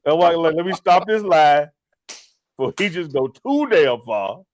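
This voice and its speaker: A man co-hosting a casual live stream, joking and teasing his partner and stumbling over repeated words when he gets excited. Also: a little high, a little slow. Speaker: podcast co-host.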